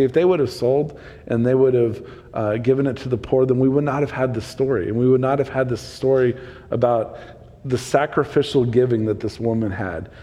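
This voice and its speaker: A man's voice: medium pitch, warm tone, highs cut off. A man leading a casual Bible study, thinking aloud with plenty of ums and restarts. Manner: thinks aloud, loose, with many fillers. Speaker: Bible teacher. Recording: long hall reverb.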